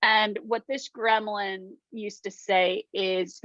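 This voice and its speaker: Speaking slowly and flatly in a mid-range, fairly bright voice, a female life coach leads a small workshop, casual and talkative, with plenty of ums and small acted-out quotes. The recording is dry and lo-fi with a dull sound and no echo.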